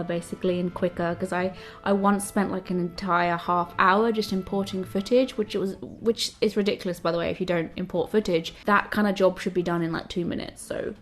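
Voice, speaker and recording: Bubbly young woman vlogging. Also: medium pitch. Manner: bubbly and self-mocking, talks to the universe. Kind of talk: chatty get-ready-with-me vlog. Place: home, indoors. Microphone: camera mic.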